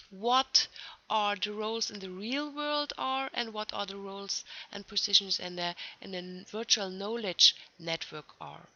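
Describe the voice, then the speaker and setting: A young woman giving a conference talk as a researcher, explaining her findings carefully and methodically with phrasing and pauses. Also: fairly high pitch, bright, forceful tone. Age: young adult. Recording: dull lo-fi recording.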